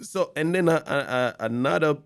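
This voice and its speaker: A man's voice: on the high side, moderate pace, gravelly, clean tone, no echo, clean studio sound. A man hosting a casual interview, mostly chiming in with short, supportive remarks. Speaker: host.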